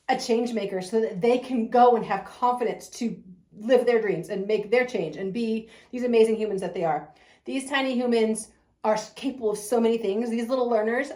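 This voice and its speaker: Bubbly preschool teacher, woman, fairly high voice, gushing, echoey room. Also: a little mellow. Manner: effusive, gushing, laughs often. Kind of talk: enthusiastic promotional talk.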